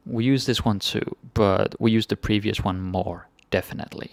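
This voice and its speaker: A man with a Danish accent teaching phrases in a casual lesson, repeating each phrase slowly before explaining it. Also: on the low side, fairly even intonation, vocal fry, dry recording. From Denmark. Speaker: language teacher.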